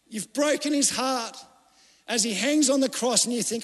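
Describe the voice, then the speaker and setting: A male pastor preaching a sermon with passion, rising to urgent appeals and dropping to hushed, pleading tones. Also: extremely high pitch, moderate pace, long reverb tail.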